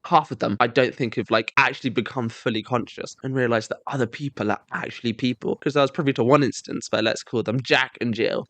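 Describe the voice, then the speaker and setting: A young man telling a sarcastic comedic monologue, mock-self-righteous, breaking into shrill squeaky voices when he mimics kids. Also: a bit bright, dry recording. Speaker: comedic storyteller.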